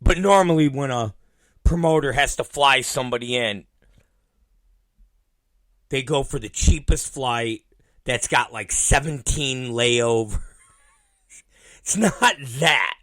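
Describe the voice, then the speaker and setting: A man's voice: medium pitch, takes it slowly, pauses often, a bit bright, no room sound, studio quality. A middle-aged man hosting his own show, telling a rambling, profane story and laughing at it. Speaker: podcast host. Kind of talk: casual storytelling monologue.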